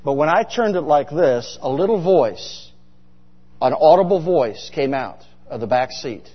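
This middle-aged male pastor talks at a measured pace, his somewhat high voice full of lively intonation. His sermon is funny and packed with stories, delivered in a chatty way with frequent questions to the congregation. Audio is dull and carries long hall reverb.

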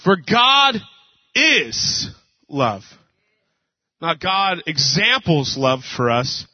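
A male pastor preaching a casual sermon, telling jokes and stories with a relaxed, conversational manner. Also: fairly high pitch, very slow, no echo. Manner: casual, joking storyteller. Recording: dull dry lo-fi.

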